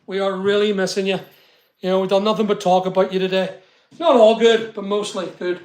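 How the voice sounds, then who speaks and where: A man's voice: sits high, level tone, brisk. A middle-aged man, chatting casually on a live stream and greeting viewers by name. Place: studio room being built. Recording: echoey unfinished room.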